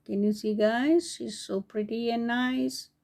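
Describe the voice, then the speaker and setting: A woman reading a fairy tale aloud for children, slowly and gently, stopping to talk to her young listeners. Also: fairly high pitch, fairly even intonation, vocal fry. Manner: slow, with chatty asides to young listeners. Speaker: storyteller on a kids' channel.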